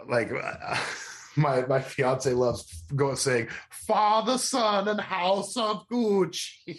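A man's voice: medium pitch, a bit bright. A man co-hosting a podcast, chatting casually and rambling with lots of restarts and laughter. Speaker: podcast co-host. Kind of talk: casual chat.

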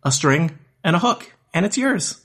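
A man acting as game master, narrating a text adventure aloud in plain, measured parser-style lines. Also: fairly high pitch, animated, a bit bright, husky.

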